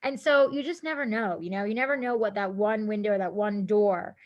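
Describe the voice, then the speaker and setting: A woman guest on a podcast, telling a story in casual chat, animated, laughing often and acting out what people said. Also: mid-range voice, fairly quick, dull audio. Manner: animated, laughing, acts out quotes, casual swearing.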